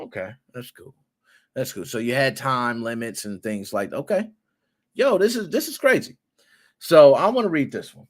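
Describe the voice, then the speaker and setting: A man hosting a gaming podcast, talking in an animated, excitable way with playful rants and cursing. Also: mid-range voice, normal speed. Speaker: podcast host. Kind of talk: casual commentary podcast.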